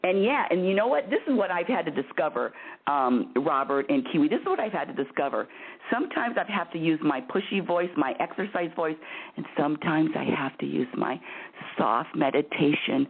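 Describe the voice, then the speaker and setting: A woman's voice: sits low, lively intonation, a little fast, breathy edge. A woman hosting a spiritual advice call-in show, talking in an emphatic, bossy and emotional way, often laughing. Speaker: call-in radio host. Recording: phone-like narrow band.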